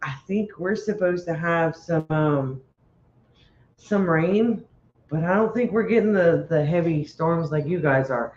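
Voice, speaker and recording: A man's voice: a little high, unhurried, a little mellow. A man co-hosting a livestream in easygoing, laugh-filled chat. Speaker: livestream co-host. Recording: roomy, dull home audio with faint noise.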